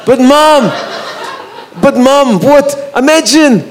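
A man's voice: very high-pitched, takes it slowly, slight background noise, pitched above the performer's own voice. A man voicing a Scottish man who pleads with his mum on the phone and then launches into a rousing battle cry, in a Scottish accent. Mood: pleading. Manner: pleading, then shouting defiantly.

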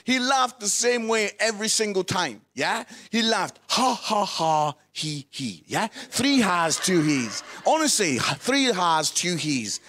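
A man with a bright, high-pitched voice preaches a lively storytelling sermon. He is playful and animated, laughing along with his own anecdotes before turning them into a lesson. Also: unhurried, few pauses.

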